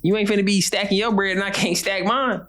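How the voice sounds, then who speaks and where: A man's voice: high-pitched, steady tone, fast, a bit bright. Blunt young man giving straight talk. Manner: blunt, repetitive, street slang. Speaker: show host. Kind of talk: motivational monologue.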